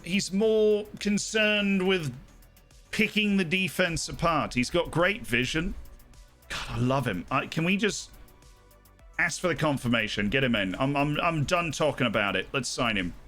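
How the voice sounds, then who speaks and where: Bright posh-English young man streaming. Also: mid-range voice. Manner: rambling, enthusiastic, self-interrupting. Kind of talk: casual live gameplay commentary.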